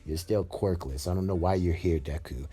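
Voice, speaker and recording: A man's voice: low-pitched, moderate pace, dark tone, slightly rough. A man voicing a cocky, hot-headed teenage rival boy in a fan-made storybook, blunt and dismissive.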